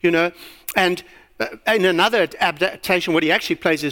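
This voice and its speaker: A man's voice: high-pitched, fast, a bit bright. A man preaching a sermon, telling a story with a lot of animation and asking rhetorical questions.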